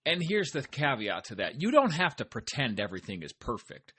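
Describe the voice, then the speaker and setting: A man's voice: medium pitch, wildly swooping pitch, a little fast, bright, forceful tone, slightly rough. A man hosting his own podcast, talking in a casual, upbeat way and often speaking straight to his listeners. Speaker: podcast host; farmer. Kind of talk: casual motivational monologue.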